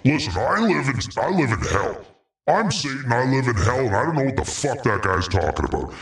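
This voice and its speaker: A man's voice: medium pitch, very animated, brisk, fairly bright tone, distant mic. A man voicing Satan as a confused, ranting grump in a voicemail. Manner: ranting and bewildered. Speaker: voicemail caller. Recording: roomy recording from off the mic.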